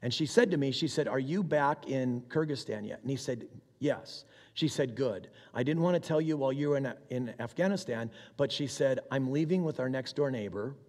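A man of middle pitch preaching in a large hall whose long reverb trails each phrase. He tells a personal story in a conversational way, voicing the other people in it, and clears his throat often. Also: normal speed, a little mellow. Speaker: military chaplain. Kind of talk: sermon storytelling.

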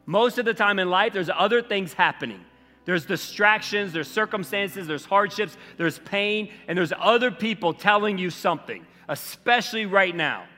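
Bright-voiced pastor preaching in a hall. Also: male voice, sits high, normal speed, faint music behind. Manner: conversational preaching, animated and emphatic. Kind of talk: sermon.

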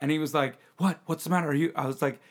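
A man's voice: fairly high pitch, very fast. A young man hosting a podcast, telling a story in casual chat and acting out the voices of people in it. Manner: animated, acts out quoted voices and laughs often. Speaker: podcast host.

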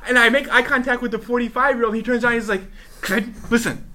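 A man's voice: extremely high pitch, very fast. A man casually telling a funny story on a podcast, laughing and acting out the people in it. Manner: animated, laughing, acts out voices.

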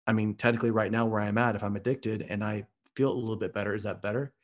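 He's an author and speaker from Oklahoma, in the US Midwest, storytelling earnestly and vividly as a podcast guest. The voice is on the low side and fast, with fairly even intonation.

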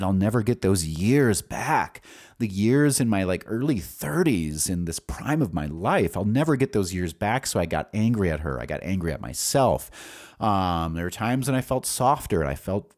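Male podcast host, forties, low voice, lively pitch, loose rambling storyteller. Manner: rambling, frequent fillers and restarts. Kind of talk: personal storytelling monologue.

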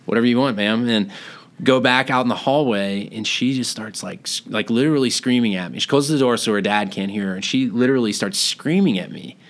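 A man's voice: mid-range voice, a little fast. A man in his thirties, a surgical resident, telling a work story in casual chat, acting out the dialogue and swearing as he laughs. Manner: animated, acts out quotes, swears casually, laughs often.

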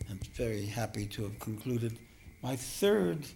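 A man giving a spiritual teaching talk as a meditation teacher, gentle and self-deprecating, often chuckling. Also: medium pitch, very animated, a little slow, creaky, slight background noise.

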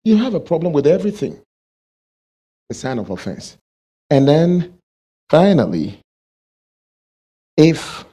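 Male pastor, husky and lively, preaches and questions his congregation. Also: medium pitch. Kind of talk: sermon.

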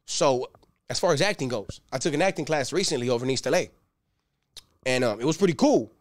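Animated male stand-up comic. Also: mid-range voice, a little fast, no echo, clean studio sound. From Los Angeles. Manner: animated, profane, streetwise banter with shouted bursts. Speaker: stand-up comedian. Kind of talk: stand-up routine.

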